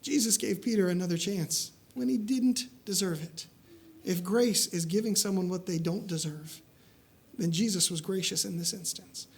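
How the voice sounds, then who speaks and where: Man preaching an animated sermon. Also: moderate pace, gravelly, slightly rough. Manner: animated storytelling, acting out dialogue with rising pitch.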